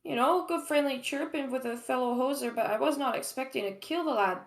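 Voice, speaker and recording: Brief: woman, tabletop player, gravelly edge, slightly high, exclaims a lot. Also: fairly quick. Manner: dismayed, lots of groaning exclamations. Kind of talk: tabletop role-play chat.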